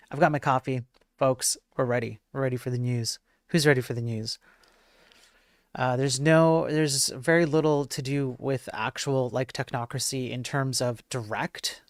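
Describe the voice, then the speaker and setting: A man's voice: medium pitch, no echo, clean studio sound. A man hosting a live stream, chatting casually and self-deprecatingly with his viewers, rambling from one aside to the next. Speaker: livestream host.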